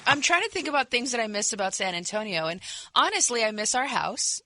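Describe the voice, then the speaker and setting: A woman's voice: a little high, very animated, a little fast, noisy background. A woman co-hosting a radio talk show, teasing and playful in casual banter. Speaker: radio co-host. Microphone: studio microphone.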